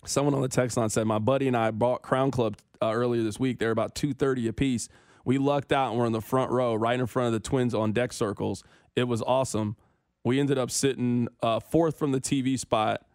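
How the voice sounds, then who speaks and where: A man's voice: mid-range voice, fairly even intonation, a little fast, darkish tone, clean tone, no echo. A young man hosting a sports talk radio show, bantering and complaining in a playful, self-mocking way into a studio microphone.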